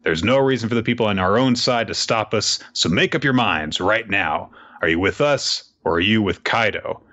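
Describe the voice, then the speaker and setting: A man's voice: on the low side, moderate pace, bright, forceful tone, lo-fi sound. Luffy: a man doing a defiant young pirate captain. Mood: resolute. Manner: defiant, rousing speech.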